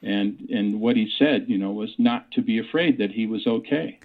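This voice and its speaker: A man's voice: lowish voice, normal speed. A man in his sixties telling a personal story as an interview guest, rambling with many fillers and restarts. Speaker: guest, author and parapsychologist. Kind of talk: casual storytelling in a radio interview. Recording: tinny phone line.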